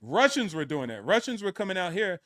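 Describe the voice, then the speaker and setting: Man, slightly higher voice, casual group talk, animated, acts out quotes. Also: fairly quick. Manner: animated storytelling, acting out quoted locals. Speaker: panel guest living in Thailand.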